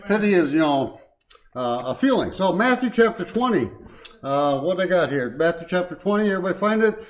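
An older man, a lay speaker, gives a short, informal devotion at a Bible study in a high-pitched, expressive, brisk voice on a rough recording. He's folksy, chuckling through asides with many uh's and um's, and puts stronger emphasis on scripture when he reads it.

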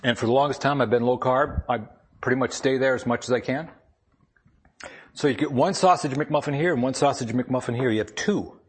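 Husky man telling a plainspoken story. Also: medium pitch, a little fast. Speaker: lay speaker giving a devotional talk. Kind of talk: personal story sermon with scripture reading. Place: speaking up front to a gathering.

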